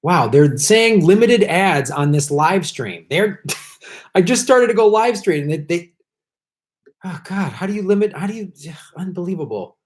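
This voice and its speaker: A man hosting a casual live stream, chatting with viewers, clearing his throat often and swearing in frustrated outbursts at the tech. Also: sits high, lively intonation, a little slow. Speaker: political comedian and live stream host.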